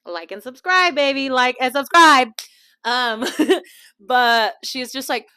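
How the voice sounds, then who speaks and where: A young woman hosts her own podcast and tells funny trip stories in a loose, chatty way. Her voice sits a little high and sounds bright and forward, and she laughs easily while acting out what other people said. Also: animated, takes it slowly, clear, resonant tone. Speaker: podcast host. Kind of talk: casual storytelling chat.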